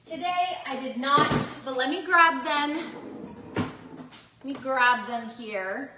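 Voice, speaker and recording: A woman's voice: high-pitched, slow, reverberant, noisy background. A chatty woman, hosting a cooking stream from her home kitchen and talking to viewers as she bakes. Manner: bubbly, chatty, talks to viewers. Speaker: cooking vlogger.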